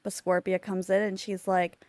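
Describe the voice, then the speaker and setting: A woman's voice: mid-range voice, level tone, normal speed, darkish tone, dry recording. Chatty woman narrating a game story. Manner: chatty, filler-heavy. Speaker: Sims storyteller. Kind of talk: casual narrated gameplay story.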